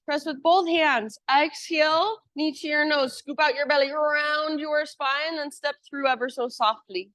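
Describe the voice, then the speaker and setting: Woman yoga instructor, encouraging, unhurried delivery, dry close-miked sound. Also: sits high, no room sound. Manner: encouraging, calm cueing. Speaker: yoga teacher. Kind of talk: guiding a live yoga class.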